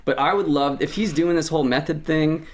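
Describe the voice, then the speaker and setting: A man on a casual movie panel who talks haltingly, with many restarts. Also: on the high side.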